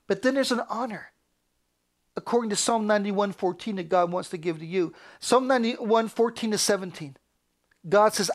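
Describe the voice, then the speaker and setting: A man preaching a sermon as a pastor, fervent and repetitive, rising to near-shouts and dropping to hushed whispers. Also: high-pitched.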